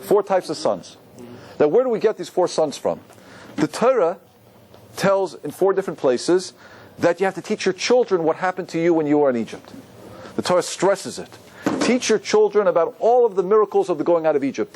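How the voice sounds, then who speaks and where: A rabbi giving a lively Torah class to an audience, often asking them questions. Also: male voice, high-pitched, brisk. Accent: Ashkenazi Hebrew pronunciation.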